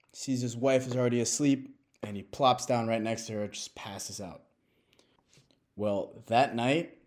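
A young man telling dirty jokes in a relaxed, conversational way, sometimes dropping to low asides. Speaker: joke-telling host. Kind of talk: storytelling jokes.

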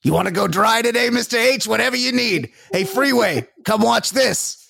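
A man's voice: very high-pitched, expressive, moderate pace, creaky, bright, forceful tone, voice pushed up, heavily acted. A man on a comedy podcast voicing a fawning male butler who is eager to please his employer.

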